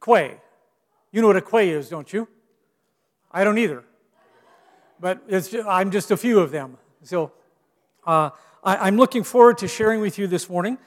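A man's voice: sits high, normal speed, long pauses, long reverb tail. A man preaching as a guest speaker, joking about himself and restarting his phrases as he speaks. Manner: self-deprecating humor, frequent restarts. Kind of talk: sermon. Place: church sanctuary.

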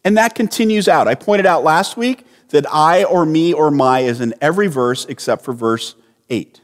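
A man preaching a sermon as pastor, earnest and unhurried, often restarting his phrases. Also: on the high side, long reverb tail.

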